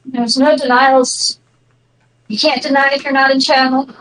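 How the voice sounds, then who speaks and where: A woman's voice: high-pitched, flat delivery, normal speed, a bit bright, recorded from a distance, low-quality recording. A woman from New England chatting casually in voice chat, teasing dryly.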